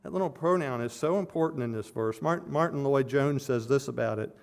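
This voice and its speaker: A man's voice: medium pitch, brisk, vocal fry, a little mellow. A man preaching an expository sermon, earnest and building to emphatic peaks as he explains a scripture passage verse by verse.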